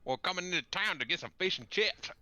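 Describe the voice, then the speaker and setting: Lively, brash male player. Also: sits high, quick pace. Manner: brash, joking. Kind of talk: casual tabletop chat. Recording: clear background music.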